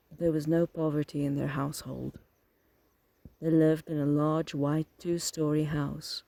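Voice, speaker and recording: A man narrating an audiobook chapter in a steady, even reading. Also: on the high side, vocal fry, dry recording, rough recording. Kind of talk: scripted narration.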